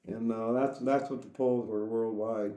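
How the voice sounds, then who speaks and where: A man's voice: on the low side, fairly even intonation, a little slow, warm tone. A middle-aged man hosting a casual podcast, blunt and profane, laughing often. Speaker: podcast host. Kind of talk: casual crude chat. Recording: echoey room.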